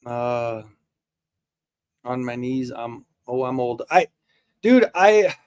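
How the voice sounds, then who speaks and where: A man's voice: mid-range voice, lively intonation, slow pace, darkish tone, clean tone. A man in his forties hosting a live toy stream, chatting in a loose, rambling and jokey way, often restarting his sentences. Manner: laid-back and jokey. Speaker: toy show host. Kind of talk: casual live-stream chat.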